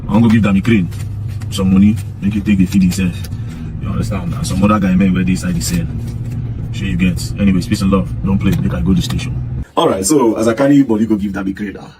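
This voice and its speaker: A man's voice: low voice, steady tone, quick pace, background noise. A man with a Nigerian Pidgin English accent, talking straight to camera and pleading emphatically in pidgin. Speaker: social media commentator. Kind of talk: casual monologue to camera.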